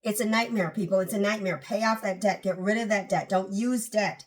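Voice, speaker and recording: A woman's voice: mid-range voice, fast, recorded from a distance. Earnest woman giving money advice. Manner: earnest, emphatic, repeats points for emphasis. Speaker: personal finance YouTuber. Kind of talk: casual advice to camera.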